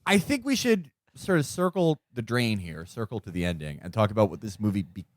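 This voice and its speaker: A man riffing in casual podcast banter, jokey and animated, slipping into mocking voices. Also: lowish voice, fairly quick, dry recording, clean studio sound. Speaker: podcast co-host.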